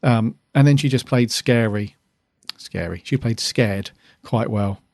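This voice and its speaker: Guy with a gravelly voice rambling through a show review, lots of ums, dry close mic. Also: medium pitch, measured pace, a little mellow, no echo. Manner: chatty, rambling with many ums. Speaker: podcast co-host. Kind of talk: casual review chat.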